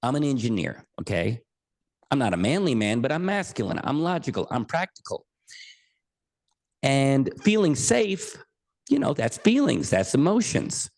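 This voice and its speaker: Earnest man pitching his method. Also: sing-song, normal speed, creaky, a little mellow. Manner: earnest, emphatic, repeats key words. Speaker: podcast guest. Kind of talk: conversational interview.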